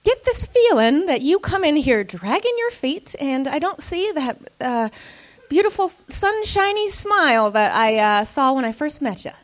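A woman's voice: sits high, sing-song, moderate pace, voice pushed up. A woman voicing a chirpy, prying female office manager who talks in an overly sweet, coaxing way. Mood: sugary.

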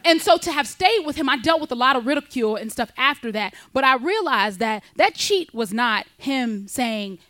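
A woman in her thirties, a stand-up comedian, telling a personal story in a candid, animated way, with laughs between lines. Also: moderate pace, few pauses. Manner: candid, animated, jumps high in pitch for quoted voices, laughs between lines.

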